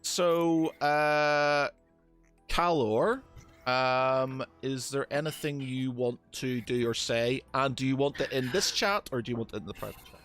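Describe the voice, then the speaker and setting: A man running a tabletop game as game master, talking in a hesitant way with many pauses and restarts. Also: mid-range voice, a bit bright, faint music behind.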